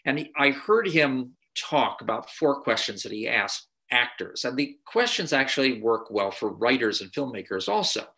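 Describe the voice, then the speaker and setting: A man's voice: mid-range voice, very animated, normal speed, hardly any pauses, sharp tone. A man giving a masterclass lecture as a screenwriter, telling anecdotes in a conversational way with frequent filler sounds and restarts.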